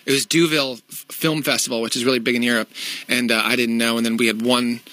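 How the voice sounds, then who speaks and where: A man's voice: mid-range voice, flat delivery, fast talker, bright, forceful tone, no room sound, rough recording. A man guesting on a local radio show, telling stories in a loose, rambling, self-deprecating way and laughing often. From Outer Banks of North Carolina. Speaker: filmmaker guest. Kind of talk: casual radio interview.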